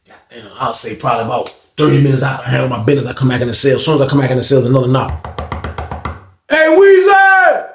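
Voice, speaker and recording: A man's voice: medium pitch, flat delivery, racing, creaky, music in the background. A man telling a story in a casual, slangy, rambling way, speaking straight to his listeners. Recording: echoey room.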